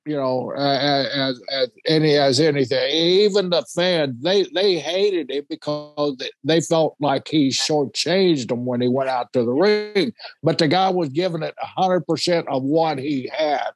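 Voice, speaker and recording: A middle-aged man, a former wrestling promoter, speaking in a halting way and repeating words in casual chat. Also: fairly high pitch, dry recording.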